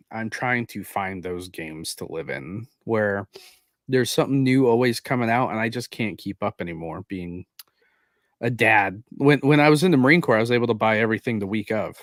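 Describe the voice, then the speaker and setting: A man co-hosting a casual chat, a relaxed listener with wry asides about gaming as a dad. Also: fairly low pitch, moderate pace, no room sound, studio quality. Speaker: podcast co-host.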